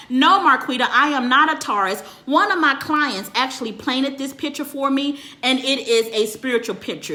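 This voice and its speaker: High, bright-voiced woman ranting profanely. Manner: profane and emphatic, swears constantly; answers viewers' comments live. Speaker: relationship counselor. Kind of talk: ranting monologue to viewers.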